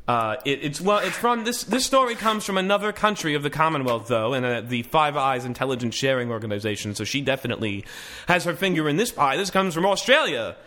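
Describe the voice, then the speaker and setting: Bright, animated podcast host. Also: male voice, a little high, brisk. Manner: reads articles aloud with wry asides and frequent restarts. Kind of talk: casual news commentary podcast.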